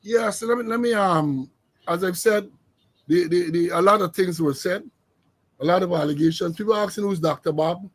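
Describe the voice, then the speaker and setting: A man's voice: high voice, normal speed. A man hosting political commentary, emphatic, repeating himself with many fillers. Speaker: host.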